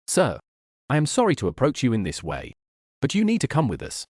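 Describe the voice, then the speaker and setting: A man's voice: medium pitch, huge pitch swings, brisk, darkish tone, husky, dry recording, studio quality. Man doing a cold formal agent, audiobook. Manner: clipped, formal. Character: menacing male agent, polished and cold.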